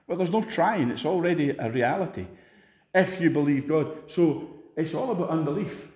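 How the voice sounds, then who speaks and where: Male preacher, emphatic, high-pitched, echoey church, rousing sermon delivery. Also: lively intonation, moderate pace, darkish tone.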